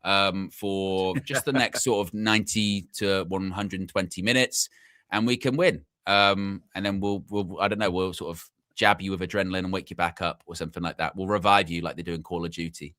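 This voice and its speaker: Brief: male co-host, bright forceful tone, dry close mic, animated banter. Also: a little fast, no echo. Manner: animated, mimics friends in high voice. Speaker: co-host of fan show. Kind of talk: casual football chat.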